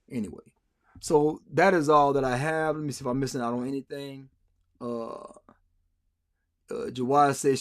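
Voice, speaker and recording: A man's voice: on the high side, moderate pace. A man hosting a live stream, rambling through sarcastic commentary and answering comments from the chat. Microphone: streaming mic.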